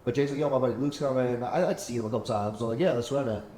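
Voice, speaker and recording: Rapid-fire and warm, a medium-pitched male podcast host tells meandering stories and acts out quoted talk in a relaxed chat. He's recording in a penthouse apartment, where the room echoes and a faint hum sits underneath.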